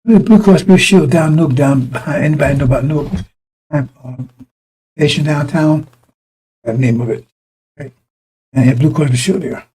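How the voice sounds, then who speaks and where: A man's voice: fairly high pitch, normal speed, pauses often, warm tone, breathy edge, low-quality recording. A middle-aged man preaching informally to his congregation, blunt and profane, rambling through personal stories with many restarts.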